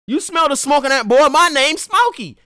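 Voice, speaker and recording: A man's voice: very high voice, lively intonation, normal speed, pushed and bright, no echo, studio quality, voice pushed up, full character voice. A man voicing a jealous male shelter dog who taunts another dog in boastful street talk. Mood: jealous taunting.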